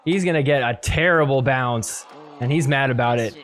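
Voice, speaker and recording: A man's voice: medium pitch, a bit bright. A man hosting a podcast, recapping sports clips in a casual, joking way and laughing often. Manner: laughs often, acts out players' thoughts in quick asides. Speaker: podcast host.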